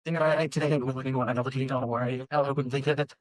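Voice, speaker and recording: A player in a tabletop game who jokes and laughs between dice rolls. The voice sits at an ordinary middle pitch and is recorded close and dry. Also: steady tone, quick pace, dry recording. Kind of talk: playing a character in a tabletop game.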